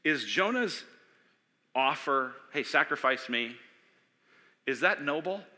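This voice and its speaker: Pastor guy preaching, bright punchy voice, acts out bits, echoey church hall. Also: fairly high pitch, slow. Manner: animated, acts out voices, asks the audience questions. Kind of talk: sermon. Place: church sanctuary. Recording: long hall reverb.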